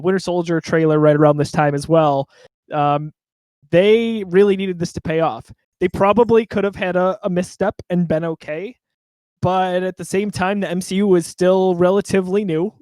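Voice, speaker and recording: A man's voice: fairly high pitch, a little mellow, dry recording. A man co-hosting a casual podcast from home, talking in a rambling, chatty way with many fillers. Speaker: podcast co-host.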